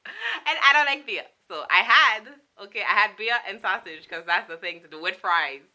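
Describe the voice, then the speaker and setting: A woman's voice: medium pitch, very animated, moderate pace, pushed and bright. A young woman from Saint Martin, chatting casually and playfully with laughing asides as a vlogger showing her souvenir collection. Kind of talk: casual chat.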